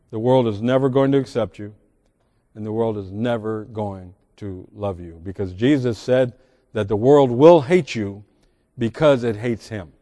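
A man's voice: lowish voice, a little slow, warm tone, in a large hall. A man preaching a sermon as pastor, reading scripture aloud with emphatic swells and sudden drops. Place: large church sanctuary.

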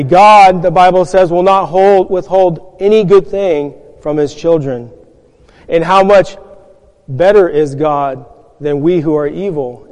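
A man's voice: high-pitched, darkish tone, long reverb tail. A man preaching a sermon, earnest and reading scripture, asking his listeners rhetorical questions along the way.

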